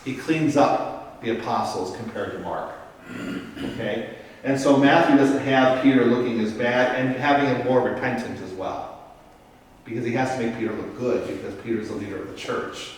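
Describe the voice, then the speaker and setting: A man's voice: mid-range voice, normal speed, recorded from a distance, a little hiss or hum. A man, a parish priest, teaching a Bible study in a casual, step-by-step way, often checking in with the group. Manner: explains step by step, checks in with "Okay?". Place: parish meeting room. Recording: echoey room, voice picked up from afar.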